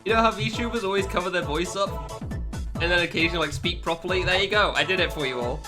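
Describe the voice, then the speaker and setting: A man's voice: high voice, fast, over music. A young man streaming a game, chatting casually with his viewers, joking and laughing often at himself. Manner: laughs a lot, joking, self-mocking. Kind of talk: casual live-stream chat.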